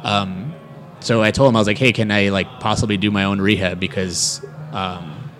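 A man's voice: lowish voice, steady tone, moderate pace, fairly bright tone, faint music behind. A young man, a wrestler, telling a story in a casual interview, rambling with lots of fillers and acting out quotes. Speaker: professional wrestler.

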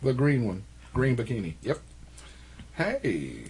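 A man's voice: mid-range voice, wildly swooping pitch, slow, a crowd in the background. A man co-hosting a casual podcast, laughing a lot and stumbling over names as he reads them out. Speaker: podcast co-host. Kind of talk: casual banter.

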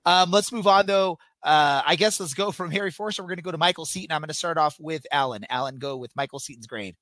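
Podcast host guy on a call, kinda high voice, laid back and umming a lot. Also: fast talker, pushed and bright, no room sound. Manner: easygoing, hesitant with many ums. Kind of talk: casual sports podcast chat over a call. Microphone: computer mic on an online call.

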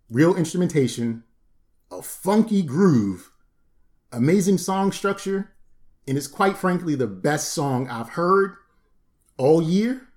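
A man in his forties co-hosting a podcast, joking and rambling in a playful, casual way. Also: a little high. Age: 40s. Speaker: podcast co-host.

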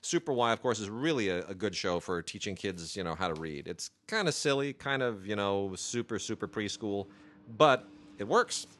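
A man with a voice a little on the low side talks casually about new home video releases. His delivery is chatty and rambling, often stopping for filler sounds before he finds his point. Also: lively intonation, moderate pace, a bit bright. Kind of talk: casual chat.

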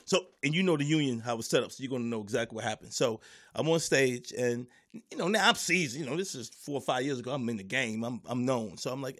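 A man's voice: medium pitch, animated, quick pace, fairly bright tone. A man who is a stand-up comedian, casually telling a story and acting out the voices and noises of the people in it.

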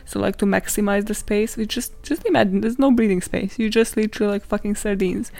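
A young woman hosting a podcast, telling stories in a casual, sweary, animated way and laughing often. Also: medium pitch, brisk, creaky. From not British, lives in London. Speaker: podcast host. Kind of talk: casual chatty storytelling.

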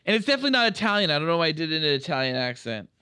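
Podcast co-host, male, bright crisp voice, dry close mic, jokey and loose. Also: on the high side, very animated, very fast, no echo. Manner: jokey, hesitant restarts, leads the segment. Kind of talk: casual chat.

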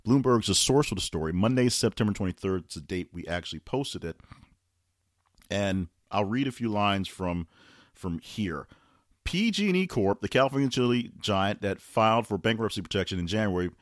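A man with a very low voice hosts a weekly news roundup podcast. He reads headlines and quoted lines aloud, then chats loosely around them with the odd restart. The sound is dry, with no room behind him. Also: no echo. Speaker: podcast host.

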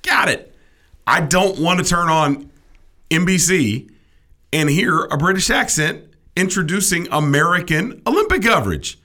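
Lively, bright-voiced man ranting. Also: high-pitched, measured pace. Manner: animated, opinionated, mock-indignant rants. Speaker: podcast co-host. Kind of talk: casual comedic chat.

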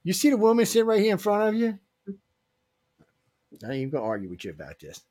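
A man's voice: sits high, huge pitch swings, fast talker, a little mellow, dry recording. Rambling radio host man. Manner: rambling, joking, with filler restarts. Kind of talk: casual live radio chat.

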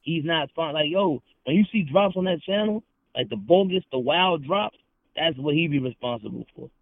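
A man's voice: a little high, animated, moderate pace. A man talking as a podcast guest, heated and confrontational, full of slang and repeating himself. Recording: tinny phone-like sound.

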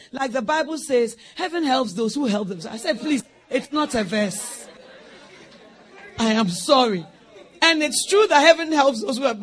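A woman preaching a sermon, acting out scenes and swinging between loud outbursts and hushed whispers, often laughing as she speaks. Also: fairly high pitch.

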